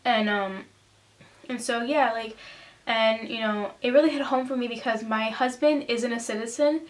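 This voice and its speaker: A woman's voice: on the high side, normal speed. A young American woman talking in a personal vlog, earnest and emotional, with many fillers and restarts. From United States. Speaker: vlogger. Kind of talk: casual personal vlog talk.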